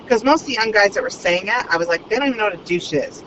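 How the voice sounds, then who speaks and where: A woman vlogging while she drives, talking in a fast, crude and unfiltered stream. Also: a little high. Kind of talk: rambling monologue while driving. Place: inside a car in traffic. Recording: dull lo-fi car recording with road noise. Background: traffic noise.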